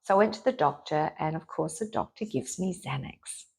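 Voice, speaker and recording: A middle-aged woman, a therapist, frankly and lively telling a personal story as a guest in an interview. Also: low-pitched, moderate pace, husky. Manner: frank and lively, acts out her own inner voice.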